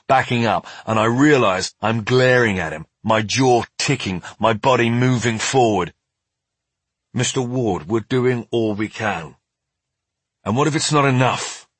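A man's voice: mid-range voice, fairly bright tone, husky, no echo. A man narrating a story in the first person, tense and earnest. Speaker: audiobook narrator.

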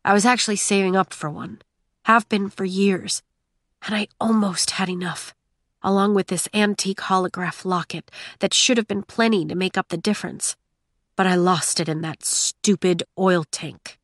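A woman voicing a flustered, lovesick young man in an audiobook, speaking softly and pleadingly. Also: mid-range voice, fairly even intonation, moderate pace, no echo, clean studio sound. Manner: soft, pleading.

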